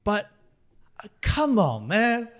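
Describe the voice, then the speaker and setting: A man's voice: high-pitched, wildly swooping pitch, slow pace. A young man co-hosting a casual TV review, agreeing often and adding chuckling asides. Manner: agreeable, frequent "yeah" backchannels, chuckling asides. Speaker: podcast co-host reviewing a TV episode. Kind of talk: casual chat.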